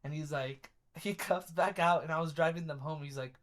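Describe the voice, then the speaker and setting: A man's voice: high voice, expressive, a little fast, few pauses, fairly bright tone. A young man co-hosting a casual podcast, telling a story with lots of laughter and quoting his friends in their voices. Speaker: podcast co-host. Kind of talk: casual chat.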